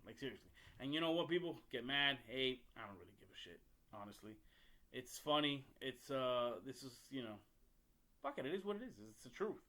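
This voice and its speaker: In a casual storytelling monologue, a podcast host rambles bluntly and profanely, often starting over. He talks fairly quickly and is very animated, his medium-pitched voice pushed and bright.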